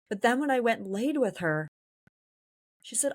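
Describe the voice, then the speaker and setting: This San Diego, California woman hosts a podcast where she opens up emotionally, working through her feelings in a candid, introspective solo talk. She speaks at normal speed with a medium-pitched voice.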